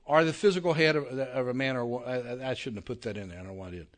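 A man giving a Bible class lecture in a conversational way, often checking that his listeners follow and slowing down to stress key words. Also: mid-range voice. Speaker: Bible teacher.

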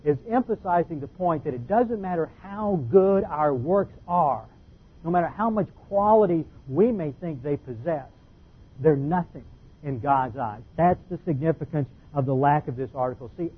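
A man with a somewhat high, husky voice teaches scripture in a methodical, explanatory way, leaning hard on key words. The sound is thin and tinny, as if heard over a phone line. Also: expressive, moderate pace. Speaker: Bible teacher. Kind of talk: expository Bible teaching.

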